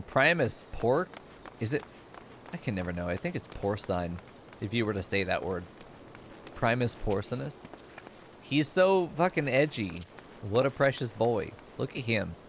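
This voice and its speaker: Man, low voice, crude jokes, laughs a lot, casual game commentary, faint background noise. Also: fairly bright tone. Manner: crude, joking, laughs often. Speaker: streamer.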